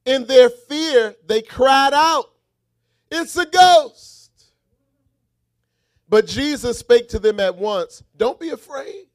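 High-voiced man preaching a sermon. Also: slow, few pauses, dry recording, clean studio sound. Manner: rhythmic call-and-response preaching, swings from shouted refrains to quiet asides.

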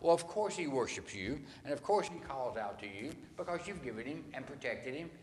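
A man's voice: medium pitch, expressive, fairly quick, a little mellow, big-room sound, slight background noise, voice pushed up, close to an everyday voice. A man voicing Satan as a scheming, mocking male figure, speaking insistently with a raised voice.

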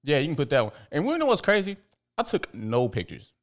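A man, co-hosting a casual podcast chat, telling loose, profane, animated stories. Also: on the high side, brisk. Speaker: podcast co-host.

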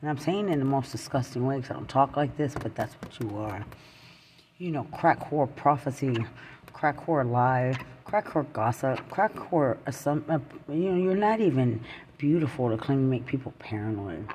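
A man rants angrily on his own podcast, rambling and accusing. His pitch sits in an ordinary middle range, but he lurches between loud, heated jabs and low, muttered asides. His tone stays bitter throughout. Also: lively intonation, normal speed, slight background noise. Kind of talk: angry personal rant.

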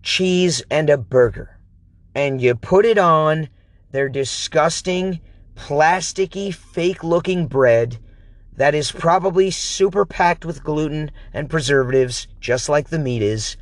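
Man, casual storytelling rant, sarcastic, exasperated, drawn-out emphasis, dry room. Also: fairly high pitch, no echo.

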